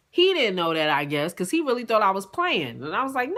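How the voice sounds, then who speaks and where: A young woman telling a personal story in a casual, profane, animated way, acting out both sides of a dialogue. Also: mid-range voice, fairly quick, few pauses.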